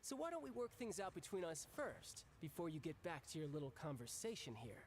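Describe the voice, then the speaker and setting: A man voicing a charming, smug young male banker-warrior in a video game, smooth and teasing. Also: a little high, very animated, brisk, slight background noise. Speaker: game character.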